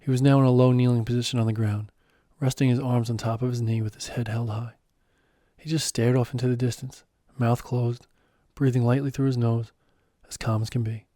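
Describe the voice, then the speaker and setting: A man reads his own first-person story aloud, earnest and a little self-deprecating. His voice is warm and mellow, and the recording is dry and close. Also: mid-range voice, level tone, brisk, no room sound. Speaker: author and narrator.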